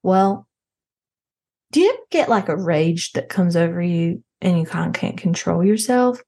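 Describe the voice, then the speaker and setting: A woman with a lowish, somewhat mellow voice and lively intonation speaks unhurriedly as a show's main character: a dramatic, petty, frazzled wealthy Southern mom. The comedic monologue is exasperated and gossipy, full of rambling, restarts, and impressions of other people.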